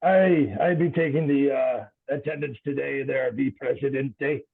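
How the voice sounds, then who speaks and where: A man's voice: mid-range voice, moderate pace, gravelly, husky. A man acting as secretary and taking attendance, talking in a hesitant, joking way with lots of fillers over call audio. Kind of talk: casual meeting roll call with pirate jokes. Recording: tinny phone-like call audio.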